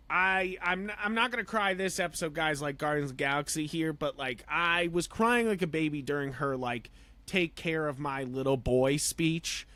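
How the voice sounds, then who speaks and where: Excitable man, rambling film chat. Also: a little high, no echo. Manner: excitable, rambling, many fillers and restarts. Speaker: podcast co-host. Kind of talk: casual film review chat.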